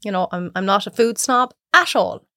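Lively Irish woman telling stories. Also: medium pitch, normal speed, no echo, clean studio sound. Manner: animated storyteller who acts out voices. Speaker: cook and podcaster guest. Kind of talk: casual chat.

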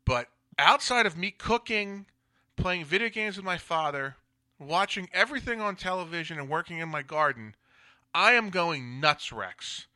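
Man, talk show host, bright ringing voice, blunt rants, swears freely. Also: sits high, animated, moderate pace. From Philadelphia area. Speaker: podcast host. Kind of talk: casual talk show chat.

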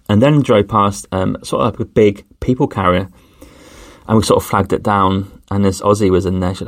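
Casting: male podcast host, deep gravelly voice, dry close sound, chatty rambling delivery. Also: steady tone, a little fast, no room sound. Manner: rambling, with many fillers and restarts. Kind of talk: casual travel storytelling.

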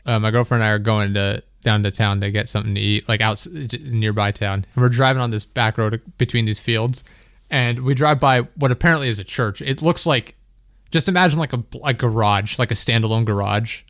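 A man's voice: fairly low pitch, fairly quick, fairly bright tone, dry recording, clean studio sound. A man hosting a podcast, telling stories animatedly with frequent swearing and laughter. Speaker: podcast host. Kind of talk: casual chat.

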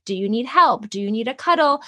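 High-voiced woman parenting coach. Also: animated, brisk, sharp tone. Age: adult mother. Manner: earnest, explanatory, gives examples from home. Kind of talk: interview answers.

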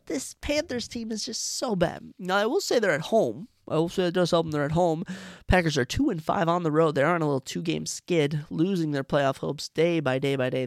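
Gravelly man thinking aloud on a podcast. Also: fairly high pitch, no echo, clean studio sound. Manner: thinks aloud, restarts and corrects himself. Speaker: podcast host. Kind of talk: casual solo sports podcast picks.

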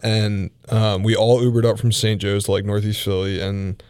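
A man's voice: on the low side, little pitch movement, normal speed, a little mellow, clean tone, dry recording, studio quality. A young man co-hosting a podcast, telling a story in casual banter and laughing often as he goes. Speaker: podcast co-host.

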